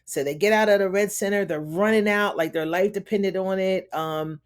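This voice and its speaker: A woman's voice: medium pitch, normal speed. A woman casually recapping a TV episode, telling the story in a loose, conversational way and acting out the characters' lines. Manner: loose, conversational with frequent "you know" and "honey". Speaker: TV recap host.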